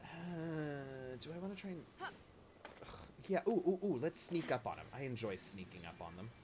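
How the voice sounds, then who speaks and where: A man streaming a video game, giving casual, excitable, joking commentary and sometimes swearing or yelping. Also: mid-range voice, normal speed, noisy background. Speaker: gaming streamer. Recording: voice over loud game music.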